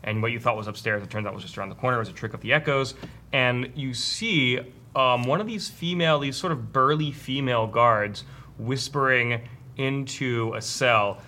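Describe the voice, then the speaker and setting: A man narrates as game master, rambling and correcting himself mid-sentence as he sets the scene. His voice has a bright, forward tone and sits at an average pitch. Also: moderate pace, a little hiss or hum.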